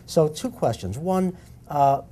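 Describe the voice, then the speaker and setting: A man's voice: fairly high pitch, animated, takes it slowly, mellow. A male interview host asking long, winding questions with a few fillers.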